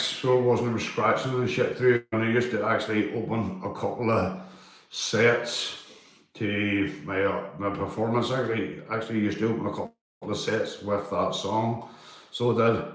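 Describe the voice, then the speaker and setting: A man's voice: fairly low pitch, fairly bright tone, heavy reverb. A man chatting casually with stream viewers, rambling and swearing, with local slang. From Northern Ireland. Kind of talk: casual live-stream chat.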